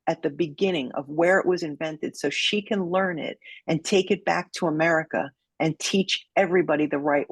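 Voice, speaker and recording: A woman with a husky, slightly breathy voice tells a story as a podcast guest. She dramatizes it, acting out each quote. The sound is dry and close. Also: sits low, no room sound. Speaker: guest, judo sensei.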